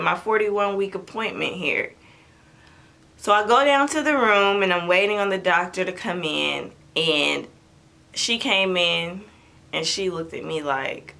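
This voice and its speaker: A woman's voice: lowish voice, sharp tone. A young woman vlogger telling her own story in a chatty, dramatic way, acting out what people said. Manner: chatty, dramatic, acts out quotes. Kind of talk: animated storytelling to camera.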